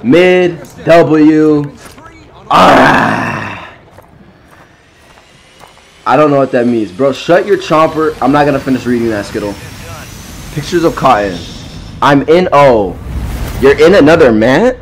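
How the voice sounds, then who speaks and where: A young man streams a video game and trash-talks his chat casually, playful and teasing, packed with slang and repeated phrases. His mid-range voice is animated and gravelly, moving slowly with long pauses over slight background noise.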